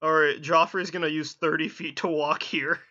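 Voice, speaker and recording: A man's voice: on the high side, flat delivery, normal speed, pushed and bright, highs cut off. A man playing a tabletop game online, working out rolls aloud and correcting himself. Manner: counts dice aloud, stumbling and correcting himself. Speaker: player. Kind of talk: casual play chat.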